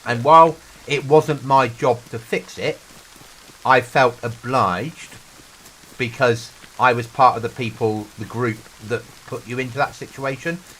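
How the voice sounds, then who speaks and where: A man's voice: mid-range voice, fairly even intonation, a little slow, fairly bright tone, a little hiss or hum, poor audio. A middle-aged British man streaming a game, chatting earnestly and telling stories to a friend. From Britain. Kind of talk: casual chat while gaming.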